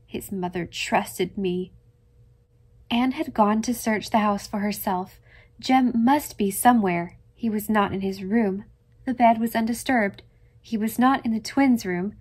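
A woman narrating a classic novel in a measured, expressive audiobook reading. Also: fairly high pitch, husky.

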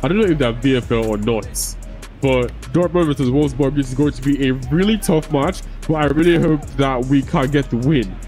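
Faint music plays behind a young man as he commentates on a football video game for his YouTube gaming channel, cursing liberally and ranting when the game annoys him. His mid-range voice is a little fast and a little mellow, and the recording is rough.

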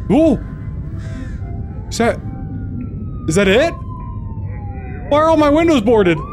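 A man playing a horror video game and commenting as he goes, yelping and laughing at the scares and muttering quietly in between. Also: lively intonation, takes it slowly, background noise. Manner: jumpy, yelps and laughs at scares, then mutters low. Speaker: gaming video host. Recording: faint game music behind.

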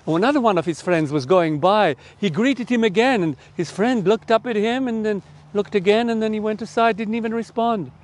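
Animated Australian man telling a kids' story. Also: high voice, brisk, few pauses. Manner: lively, animated storytelling, warm direct address. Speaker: storyteller for children in church. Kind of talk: children's story in an online church service.

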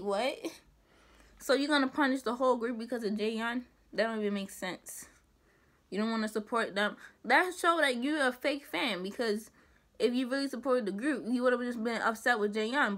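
A young woman vlogger chatting casually, emphatic and animated with rhetorical asides. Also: fairly high pitch, moderate pace. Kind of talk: casual commentary chat.

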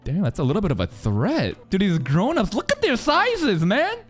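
A man reacts to an anime on a stream, swearing freely and laughing as he talks. His voice sits fairly high and swoops widely between low and high, and the show's music plays clearly behind him. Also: moderate pace. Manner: excitable and profane, laughs often. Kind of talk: casual reaction commentary. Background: anime soundtrack music.

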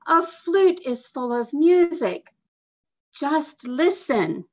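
Storybook little girl, eager and excited, high voice, read by a woman; lo-fi call sound. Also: takes it slowly, full character voice. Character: young girl eager for music. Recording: dull lo-fi video call audio.

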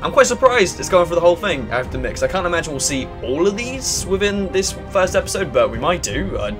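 A young man chatting excitably and swearing casually while playing through a video game. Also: high voice, quick pace, music in the background. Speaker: gaming video host. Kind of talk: let's play commentary.

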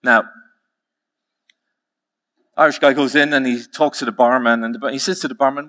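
Man, keynote speaker, bright ringing tone, mid pitch, emphatic storyteller. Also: fairly even intonation. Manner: storytelling, emphatic, slow repeated phrases. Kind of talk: conference keynote talk.

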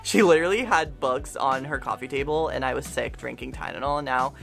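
A woman's voice: very deep voice, a little fast, creaky. Young woman vlogging, chatty and upbeat, music playing behind her. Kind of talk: casual vlog narration.

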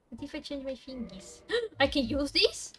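A woman's voice: sits high, sharp tone. A woman, a native Italian speaker, streaming a video game in casual chat, swearing and laughing as she plays.

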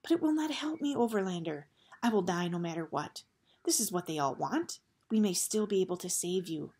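A woman's voice: on the low side, lively intonation, fairly quick, darkish tone, breathy edge. A woman voicing a grave, guilt-ridden male bat warrior who speaks formally and stiffly, without contractions.

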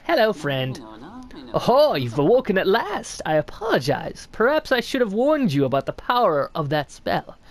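A man voicing an old male snail shaman in a game, reading his lines in a theatrical, mock-gracious way with a raised pitch. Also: wildly swooping pitch, moderate pace. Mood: sly.

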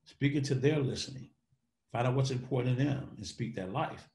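A man giving a motivational talk in an interview, speaking in a dynamic, preacher-like way that swings between loud and soft. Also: mid-range voice, fairly quick. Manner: dynamic, preacher-like delivery with sweeping shifts in loudness.

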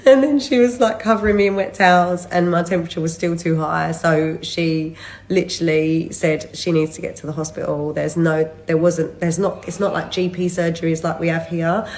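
Tired woman in her thirties, low voice, rambling phone-video update to followers. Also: level tone, normal speed, a little mellow, rough recording. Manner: rambling, chatty, laughs often mid-sentence. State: worn out from recent illness. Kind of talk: casual chat to camera.

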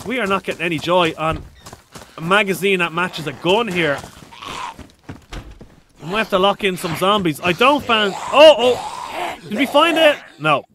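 High-pitched, bright-voiced male streamer. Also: slight background noise. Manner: high-energy, swearing, joking with chat. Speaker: game streamer. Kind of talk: live gameplay streaming, reading chat aloud.

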